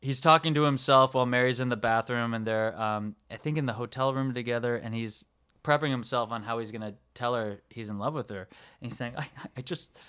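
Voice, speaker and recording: Smooth-voiced man in casual film chat. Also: mid-range voice, brisk, a bit bright. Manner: quotes movie lines, chuckles often. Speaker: podcast guest.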